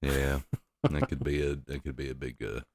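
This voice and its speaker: Middle aged guy on a podcast, real deep voice, dry no room sound, swears a lot. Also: level tone, moderate pace, darkish tone, no room sound. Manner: profane, laughing storyteller. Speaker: podcast co-host. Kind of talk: casual storytelling chat.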